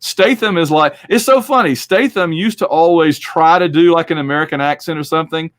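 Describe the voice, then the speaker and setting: A man's voice: on the high side, a little fast, a bit bright, no echo, studio quality. A man hosting a podcast, chatting casually and rambling through a movie discussion. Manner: rambling, chatty, acts out quotes. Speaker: podcast host.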